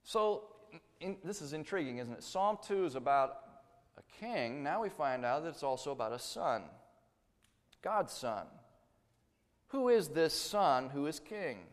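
A man preaching a sermon, emphatic, swinging between loud declarations and hushed asides. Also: fairly high pitch, big pitch swings, unhurried. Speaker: pastor. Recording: long hall reverb.

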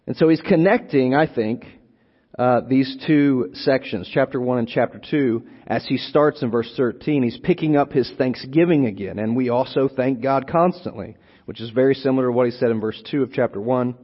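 A man preaching an expository sermon, teaching slowly and deliberately, lingering on single words and repeating phrases for emphasis. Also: mid-range voice. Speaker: preacher teaching on a Bible letter. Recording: long hall reverb, dull lo-fi sound.

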